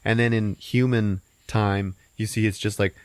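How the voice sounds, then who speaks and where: A man hosting a podcast, casually recapping a movie's plot with lots of profanity and laughter, jumping into squeaky put-on voices for the characters. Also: moderate pace, clear, resonant tone, no echo. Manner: profane, laughing, animated storytelling. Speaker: podcast host.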